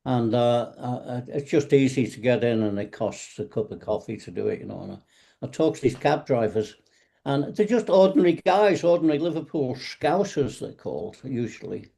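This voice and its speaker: Gravelly-voiced man telling anecdotes. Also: medium pitch, lively intonation, normal speed, dark tone. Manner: rambling, anecdotal, acts out cab drivers' lines. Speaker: tai chi and qigong teacher. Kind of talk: casual online panel talk.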